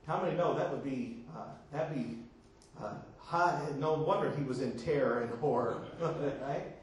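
A man's voice: a little high, moderate pace, darkish tone, a little hiss or hum. A man preaching a sermon as pastor, drawing call-and-response with repeated questions to the congregation. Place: church sanctuary. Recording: echoey church room from far off.

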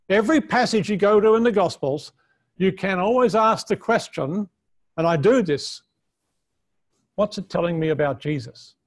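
A man teaches a conference session on the Bible with a somewhat high voice. His delivery is earnest and unscripted, and he often restarts his sentences as he works out his point. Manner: earnest, thinks aloud with frequent restarts and fillers. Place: conference room.

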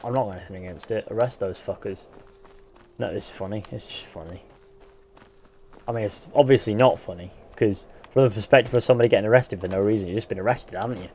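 A man's voice: fairly low pitch, darkish tone, slight background noise. A man from England with a mixed Northern, West Country and Midlands accent, chatting bluntly and swearing while streaming a game and reading out viewer comments. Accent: English, Northern and West Country mix with a Midlands sound. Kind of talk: casual live-stream chat while gaming.

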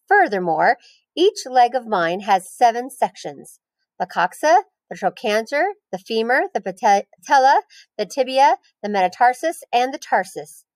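A woman reading as a calm, wise spider. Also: on the high side, dry recording. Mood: coaching. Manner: calm, measured, gently teaching. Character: wise, patient female barn spider. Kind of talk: read-aloud storybook voice.

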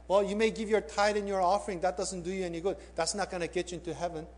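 A male pastor preaching a sermon. He tells a story and puts direct questions to his listeners, swinging between emphatic peaks and hushed appeals. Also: sits high, flat delivery, quick pace.

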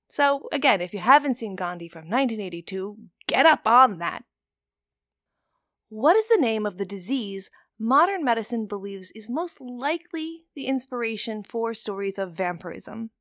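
A woman's voice: fairly high pitch, a bit bright, no room sound. Chatty woman podcaster, dry close sound. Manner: chatty, digressive, jokey asides. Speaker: podcast host. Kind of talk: casual podcast monologue.

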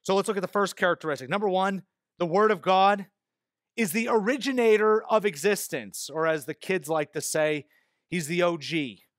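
Man, pastor, sermon: fairly high voice, close dry sound, earnest with wry asides. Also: moderate pace, no room sound. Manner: earnest preaching with self-deprecating asides; hushed, low prayer voice. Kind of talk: expository sermon. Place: church sanctuary.

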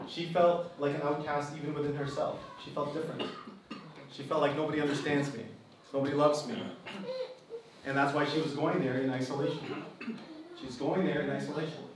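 Miked from far off in an echoing space full of background noise, this pastor and host preaches to a live audience. He's a man from the Philippines, Kapampangan, with a voice on the high side, and he hammers his points by repeating key phrases.

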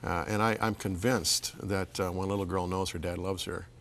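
A man hosting an interview, asking questions and sharing reflections in a measured way, sometimes dropping to a near whisper. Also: deep voice, fairly even intonation, a bit bright, a little hiss or hum. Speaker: interview host. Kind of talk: interview conversation.

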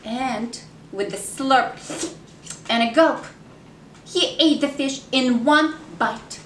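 Woman children's story reader; high, slow, animated sing-song delivery; echoey room, faint noise. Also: recorded from a distance. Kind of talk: reading a picture book aloud to children.

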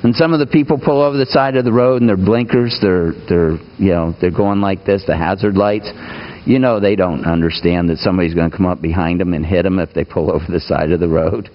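A man's voice: low-pitched, brisk, highs cut off. A man preaching a conversational sermon in a church, folksy and asking the congregation questions.

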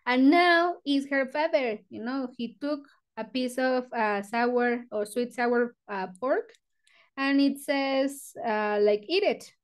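A woman's voice: sits high, takes it slowly. A woman who leads a book club, reading passages aloud and explaining words in a chatty, loose way full of fillers. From Mexico.

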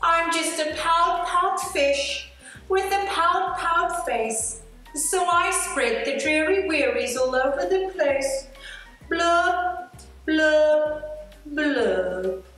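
Gloomy male fish for a storybook reading, put on by a woman, sing-song and slow, roomy sound. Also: expressive, fairly bright tone, full character voice. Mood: glum. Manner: sing-song chant with low blubs. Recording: echoey room, faint music.

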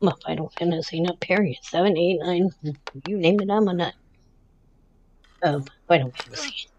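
A woman's voice: fairly low pitch, moderate pace, a little mellow, lo-fi sound, slight background noise. A woman in her forties giving casual, chatty commentary on her game at home, talking to the game characters and her dog as she plays. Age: 40s. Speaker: gameplay commentator.

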